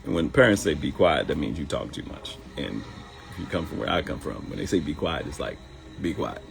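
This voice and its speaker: A middle-aged man, a comedian hosting his own live show, telling stories in an animated, joking way. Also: a bass voice, fairly quick, creaky, soft background music, low-quality recording.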